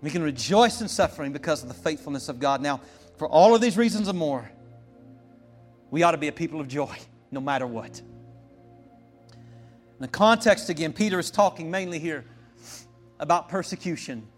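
Male pastor, high voice, fervent sermon delivery, faint music behind. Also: moderate pace, pauses often. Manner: impassioned preaching, rising to shouts, then calm teaching.

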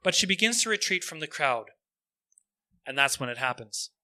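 Earnest high-voiced male preacher. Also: expressive, bright, forceful tone. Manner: earnest, slows down for emphasis. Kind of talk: sermon storytelling.

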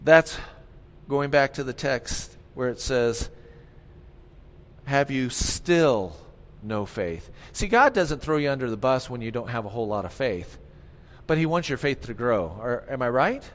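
A male pastor giving an animated sermon, often asking the congregation questions. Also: mid-range voice, moderate pace. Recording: long hall reverb.

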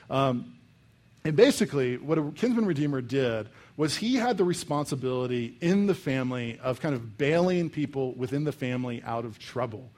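A young man from the United States preaching a sermon in a casual, animated way, full of "like" and "um". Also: mid-range voice. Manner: casual and animated, many fillers like "like" and "um". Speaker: pastor. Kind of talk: conversational sermon.

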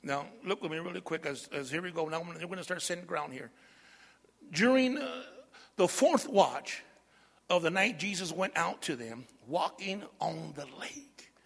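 A middle-aged man preaching a sermon, animated, with call-and-response asides to the congregation. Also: fairly high pitch, normal speed, vocal fry, big-room sound. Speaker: pastor.

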